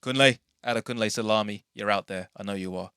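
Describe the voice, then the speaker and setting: A man's voice: fairly low pitch, quick pace, sharp tone, smooth, no echo, clean studio sound. A man hosting a casual podcast, rambling through tangents and correcting himself as he goes. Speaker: podcast host.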